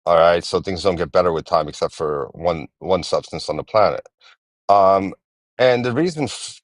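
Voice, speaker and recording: A man in his forties calling in to a live-stream debate, talking in halting restarts and repeating himself. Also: low-pitched, dry recording. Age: 40s. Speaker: guest caller.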